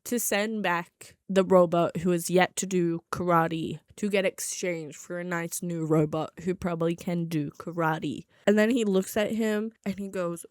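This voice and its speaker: A woman's voice: on the low side, steady tone, a little slow, few pauses, darkish tone, clean tone, no echo, studio quality. A young woman with a slight lisp recapping a movie casually, sarcastic and exasperated with mocking asides. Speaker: movie reviewer.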